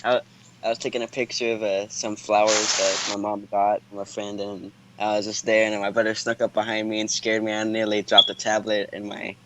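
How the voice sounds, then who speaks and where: A man telling short stories hesitantly and haltingly in a casual livestream chat. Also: lowish voice, flat delivery, noisy background.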